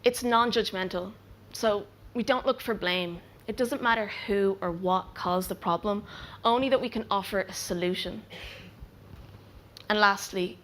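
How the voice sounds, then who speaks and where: A young adult woman, a product researcher, giving a clear, measured conference talk with emphatic pauses. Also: mid-range voice, a bit bright.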